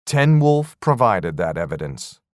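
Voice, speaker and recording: A man narrating a fantasy audiobook in an expressive storytelling manner. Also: sits low, measured pace, no room sound, studio quality.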